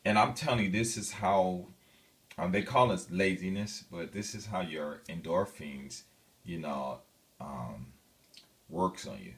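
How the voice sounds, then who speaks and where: A man's voice: deep voice, unhurried, far from the mic. A man vlogging a personal story in a casual, rambling way, full of fillers and restarts.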